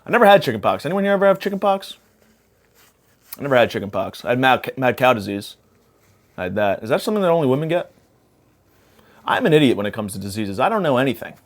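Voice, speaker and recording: A man's voice: medium pitch, sing-song, fast, pauses often. A young man hosting a podcast, rambling through a profane comedic monologue while spacey after a panic attack. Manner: profane, rambling, jumps between topics. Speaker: podcast host.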